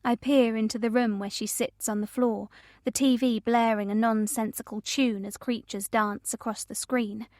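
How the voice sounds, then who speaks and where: A woman narrating a first-person thriller audiobook in a measured, tense way. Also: a little high, fairly even intonation, a little mellow, no room sound, studio quality.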